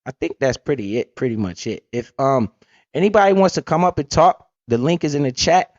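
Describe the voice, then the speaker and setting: Man, livestream host, blunt streetwise money talk, higher voice, dry close sound. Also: a little fast, dry recording, dull audio. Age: adult parent. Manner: blunt, streetwise, animated swings in pitch. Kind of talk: profane casual money talk.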